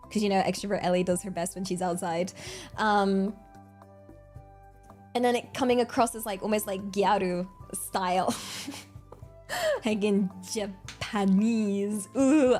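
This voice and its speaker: A young woman from England with an English accent, chatting casually on a livestream in a bubbly, excitable and giggly way. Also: mid-range voice. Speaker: streamer.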